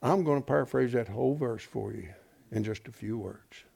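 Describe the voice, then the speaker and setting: A middle-aged man preaching a sermon, folksy and emphatic, dropping from loud declarations to hushed asides. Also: mid-range voice, normal speed, gravelly, breathy edge.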